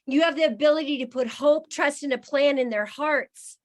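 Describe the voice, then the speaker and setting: A woman's voice: sits high, normal speed. A woman giving an emotional, emphatic motivational speech on a video call, repeating phrases for effect. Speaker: guest speaker on a network marketing call.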